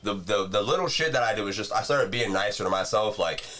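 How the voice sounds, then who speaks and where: A man's voice: on the low side, fast talker, a bit bright. Male podcast host, slangy and teasing, casual chat. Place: home studio.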